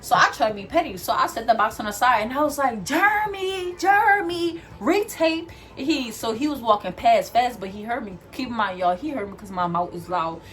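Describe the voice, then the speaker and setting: Animated young woman telling a work story. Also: a little high, fairly quick, hardly any pauses. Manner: animated, acts out quotes, addresses viewers as y'all. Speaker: vlogger. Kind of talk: storytime chat while doing hair.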